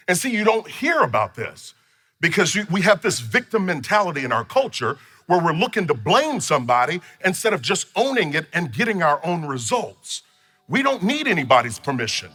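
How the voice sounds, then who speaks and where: A man's voice: on the high side, sharp tone, slightly rough. A man teaching a personal finance course in an emphatic, storytelling way with playful asides. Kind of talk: motivational teaching talk.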